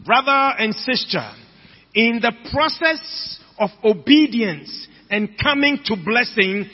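A man with a Ghanaian accent preaching a sermon in a church, slow and emphatic, repeating phrases for the congregation. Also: extremely high pitch, animated, slightly rough. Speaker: pastor. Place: church hall. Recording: dull, lo-fi recording with long hall reverb.

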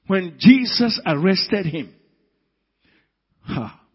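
A male preacher delivers a dramatic sermon, bursting into loud emphatic peaks. His voice sits a touch high and comes across husky and unhurried. The sound is dull and carries a long hall reverb. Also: sing-song.

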